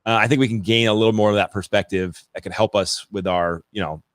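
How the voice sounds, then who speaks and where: A man's voice: on the low side, steady tone, fast talker, dry recording, clean studio sound. A man hosting a podcast who asks reflective questions and often restarts his sentences. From California. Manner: reflective, searching, with frequent restarts. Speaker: podcast host. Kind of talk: casual podcast interview.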